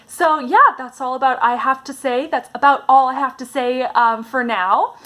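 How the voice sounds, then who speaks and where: A woman, a vlogger and stage actress, chatting casually to camera and retelling favourite scenes with animated enthusiasm. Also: on the high side. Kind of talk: casual storytelling chat to camera.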